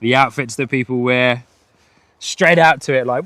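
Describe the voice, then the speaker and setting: A British host with an Australian and New Zealand twang talks at a moderate pace in a medium-pitched, bright, forceful voice, with no echo. He's outdoors at an airport running a live plane-spotting stream, frequently laughing and chatting as he reads viewers' messages.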